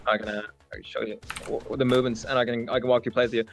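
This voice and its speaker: A man giving a casual post-match interview as the winning player, telling plays with excitement. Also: medium pitch, racing, slight background noise. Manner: excited, breathless storytelling.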